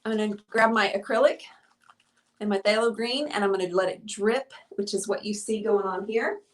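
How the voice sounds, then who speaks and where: A woman's voice: mid-range voice, steady tone, moderate pace. A woman hosting a live painting tutorial, chatting upbeat with viewers while she works and sounding out of breath. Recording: voice heard from a distance.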